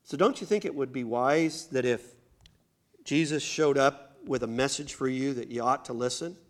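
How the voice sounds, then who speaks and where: A man's voice: mid-range voice, moderate pace. A male pastor preaching a sermon in a church, building to emphatic bursts and speaking straight to the congregation. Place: church sanctuary.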